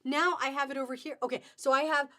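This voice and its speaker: A woman's voice: high voice, fairly even intonation, quick pace, pushed and bright. A middle-aged woman hosting a live fabric sale on webcam, chatty and upbeat with sing-song exclamations. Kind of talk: live-stream selling chat.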